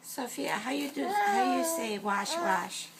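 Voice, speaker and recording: A woman's voice: sits high, sing-song, unhurried, heavy background noise. A woman at home prompting a toddler to say words.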